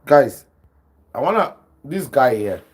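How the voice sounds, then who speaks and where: Animated South African man hosting a podcast. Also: mid-range voice, slow, husky. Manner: animated, laughing, addresses viewers as guys. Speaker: podcast host. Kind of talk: livestream talk reading viewer chat.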